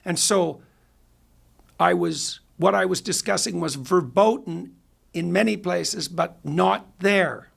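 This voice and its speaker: A man's voice: sits high, slow, creaky. A man speaking as a guest psychologist, explaining his ideas step by step with firm emphasis. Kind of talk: lecturing interview talk.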